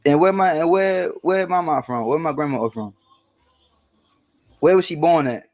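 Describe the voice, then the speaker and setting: A man's voice: a little high, normal speed, a little mellow. A man from Baltimore calling in from his family house late at night, insistently quizzing with repeated questions. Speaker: caller. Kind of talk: casual call-in chat.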